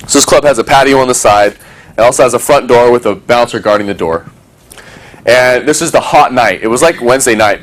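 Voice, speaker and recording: A man talking casually to a small group, telling a story and acting out other people's voices, swearing freely. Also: medium pitch.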